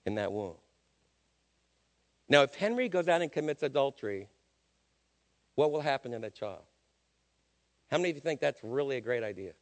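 A man's voice: mid-range voice, long reverb tail. An older man preaching a sermon, emphatic and questioning his listeners.

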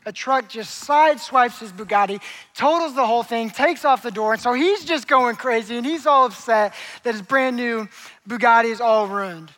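Bright, high-voiced young pastor. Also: male voice, normal speed, rough recording. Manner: animated storytelling, acts out characters. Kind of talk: sermon.

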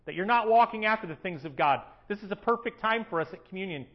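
A man preaching a sermon as a pastor, animated, acting out prayers in a raised voice. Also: high-pitched, quick pace, lo-fi sound. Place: church sanctuary.

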